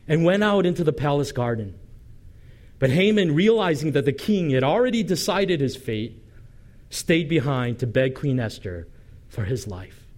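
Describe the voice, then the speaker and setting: A male pastor preaching a sermon, reading scripture dramatically and telling the story with lively asides and light humor. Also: a little high, brisk.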